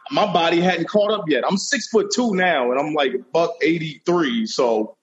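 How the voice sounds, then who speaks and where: A man hosting a casual chat, talking in animated slang and often saying bro. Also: on the high side, moderate pace, lo-fi sound, slight background noise.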